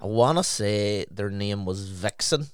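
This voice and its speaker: A man chats casually, swearing freely as he spins a story. His voice is smooth and resonant and sits a little low. The sound is dry and close. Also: expressive, a little slow, no room sound. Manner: swearing, storytelling with laughs and acted quotes. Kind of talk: casual chat.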